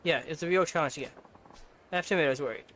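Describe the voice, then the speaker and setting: A man's voice: on the high side, very fast, fairly bright tone, a little hiss or hum, natural voice. A man voicing a sheepish young boyfriend in a video game, hesitant and stammering with apology.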